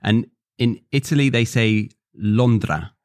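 A man's voice: lowish voice, normal speed, no room sound, clean studio sound. A man with an English accent hosting a casual educational podcast, asking questions and speaking directly to listeners. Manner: friendly, asks questions, addresses listeners as guys. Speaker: podcast host and English teacher. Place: studio.

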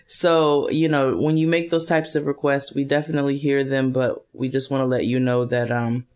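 A woman's voice: rumbling low, little pitch movement, moderate pace, darkish tone, smooth. A woman co-hosting a podcast in casual chat, upbeat and laughing as she reads listener messages aloud. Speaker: podcast co-host.

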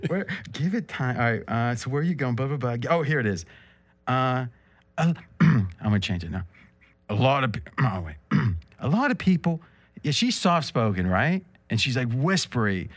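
A man's voice: mid-range voice, big pitch swings, normal speed. A man hosting a sports betting podcast, chatty and joking at his own expense. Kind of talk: casual chat.

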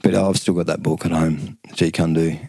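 A middle-aged man, casually telling lively stories as a podcast guest and acting out the quotes. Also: low-pitched, moderate pace, no room sound. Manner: animated storyteller, acts out quotes, laughs often. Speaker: guest, former kickboxing champion. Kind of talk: casual storytelling chat.

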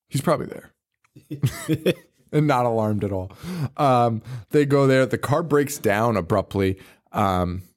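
A man on a podcast casually recapping a horror movie, swearing often and laughing as he tells it. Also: medium pitch. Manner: laughing, profane, animated storytelling. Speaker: podcast co-host.

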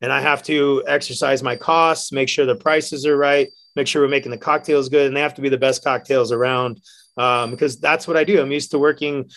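A man, a bartender guest, telling stories casually, animated and laughing often. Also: mid-range voice. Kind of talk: casual storytelling.

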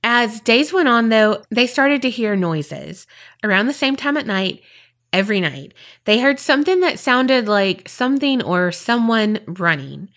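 A woman's voice: fairly high pitch, animated, fairly bright tone. Chatty woman telling a spooky story. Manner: chatty, profane, drops into quick voices for people in the story. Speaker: podcast co-host telling a paranormal story. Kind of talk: casual storytelling chat.

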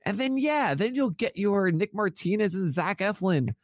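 A man's voice: high voice, expressive, normal speed, dry recording, studio quality. A man co-hosting a fantasy baseball podcast, talking in a casual, enthusiastic and jokey way.

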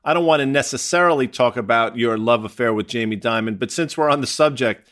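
A man co-hosts a casual podcast. His voice is mid-pitched, and he keeps up a joking, teasing banter with his guest. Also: fairly quick, fairly bright tone. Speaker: podcast co-host.

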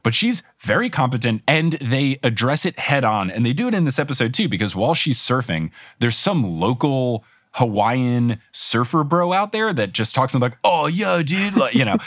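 A man's voice: medium pitch, fairly bright tone, no echo, clean studio sound. A man hosting a podcast, chatting casually, recapping a show, and reading an ad, laughing often. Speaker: podcast host. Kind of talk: casual chat and ad read.

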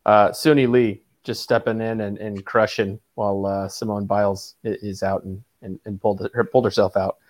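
A man co-hosting a podcast in casual chat, speaking with a somewhat low pitch. He is hesitant and often stops to correct himself. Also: level tone, moderate pace, hardly any pauses. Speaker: podcast co-host.

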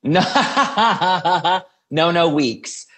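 A man's voice: fairly high pitch, expressive, normal speed. A man co-hosting a podcast in casual chat, rambling and often restarting his sentences. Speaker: podcast co-host.

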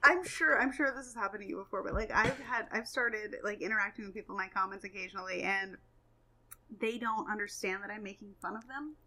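A woman's voice: medium pitch, sharp tone, rough recording. Emphatic woman chatting casually. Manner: quick, emphatic, laughs often. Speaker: co-host. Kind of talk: casual chat.

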